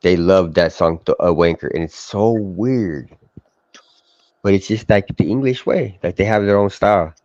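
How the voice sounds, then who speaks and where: Deep-voiced man in crude banter. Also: moderate pace, darkish tone, no room sound. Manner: rambling, profane, many restarts. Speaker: live stream co-host. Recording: dull lo-fi stream audio.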